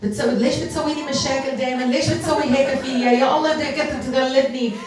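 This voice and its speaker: A woman voicing her fretful older immigrant mother, scolding in a rapid, exasperated rush, heard in an echoey hall from a distance. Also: high voice, fairly even intonation, a crowd in the background, voice pushed up, close to an everyday voice.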